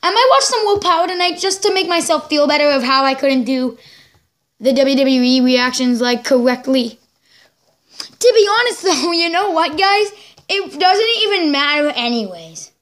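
A woman hosting a reaction video, giving excitable live commentary, exclaiming and laughing along as she watches. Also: high voice, normal speed.

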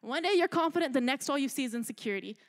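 A young adult woman delivers a youth sermon with a fairly high voice. She talks in an animated, chatty way and keeps checking in with her listeners. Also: rapid-fire. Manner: animated, chatty, asks "right?" a lot. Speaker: youth speaker.

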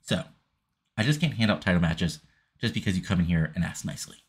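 A man's voice: deep voice, expressive, fairly quick, husky. A man reading out the lines of a brash male wrestling TV executive in a salesy, lecturing tone.

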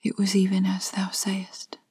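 A humble woodcutter answers plainly in a whispered role-play, as a woman reads him from a storybook. The whisper is breathy and even, close and dry. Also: medium pitch, a little slow, no echo. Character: humble old-time woodcutter, a man.

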